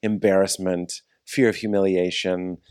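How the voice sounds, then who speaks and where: Podcast host, male, low voice, dry close sound, loose rambling talker. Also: flat delivery, measured pace, darkish tone, clear, resonant tone, dry recording. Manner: rambling, self-interrupting, with frequent restarts. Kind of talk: casual conversation.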